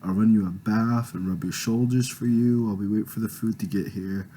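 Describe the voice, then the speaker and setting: A man's voice: on the low side, steady tone, fairly quick, mellow, natural voice. Haley, a man reading as a pushy rich young woman. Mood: coaxing. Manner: coaxing, insistent.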